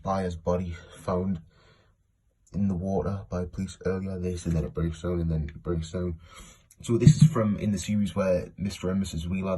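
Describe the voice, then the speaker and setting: Low husky guy rambling through a comic recap, lots of "and then". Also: mellow. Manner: rambling, many "like" and "and then" restarts. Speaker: fan forum moderator reviewing comics. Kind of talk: casual spoken review, retelling a story.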